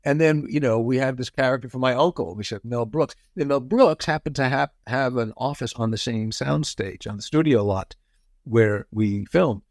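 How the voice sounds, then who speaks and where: A man in his sixties telling show-business anecdotes as a guest, animated and often acting out quotes. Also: mid-range voice, moderate pace, no room sound, clean studio sound. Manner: lively storyteller, acts out quotes.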